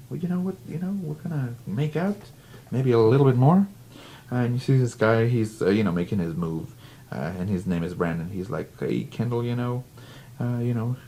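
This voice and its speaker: A man's voice: medium pitch, normal speed, mellow, a little hiss or hum. A man who casually reviews a comic book, with plenty of fillers and restarts. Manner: chatty, filler-heavy, restarts.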